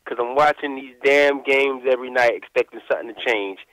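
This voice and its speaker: A man calling in to a sports podcast, ranting in an animated, rambling way with plenty of swearing and repeated asides. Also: mid-range voice, a little fast, no room sound, poor audio. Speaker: caller. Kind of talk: casual call-in rant.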